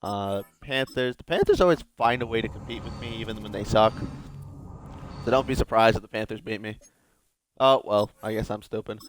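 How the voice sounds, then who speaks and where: A man's voice: on the low side, moderate pace, a little hiss or hum. A young adult man giving casual gameplay commentary as a video host, talking to himself in a joking, rambling way. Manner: joking, rambling self-talk.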